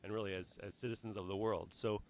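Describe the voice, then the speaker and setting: Canadian guy hosting a chat, talks super fast, bit of background noise. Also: fairly low pitch, steady tone. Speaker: host. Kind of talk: casual livestream interview.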